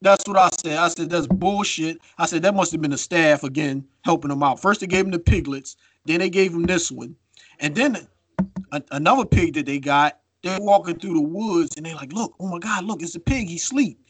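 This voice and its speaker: A man cohosting a podcast, telling stories in a casual, profane, animated way. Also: on the high side, moderate pace, no echo. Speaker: podcast co-host.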